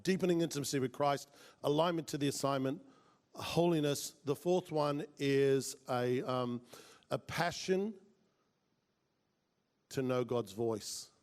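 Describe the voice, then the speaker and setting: A man giving a talk to a business group, telling a story and acting out what people said with lively swings in his voice. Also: unhurried, pauses often. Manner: animated, acts out quoted voices with big pitch jumps. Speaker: speaker at a business mastermind.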